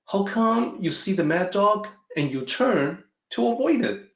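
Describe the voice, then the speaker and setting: Man voicing a curious storybook lion cub: raised pitch, slow and pleading, in a roomy, lo-fi recording. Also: expressive, a bit bright, heavily acted. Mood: indignant. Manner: pleading, questioning. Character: curious young male lion cub, indignant. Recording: roomy, dull lo-fi audio.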